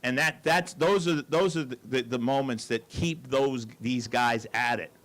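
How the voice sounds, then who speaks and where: A man's voice: mid-range voice, unhurried, a bit bright. An older man giving a storytelling talk to an audience, with dry asides and quoted lines.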